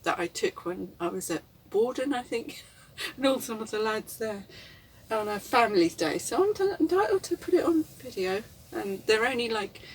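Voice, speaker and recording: A woman's voice: medium pitch, distant mic, slight background noise. A woman, rambling reflectively and candidly in a casual vlog, often chuckling. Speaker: vlogger. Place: inside a camper van.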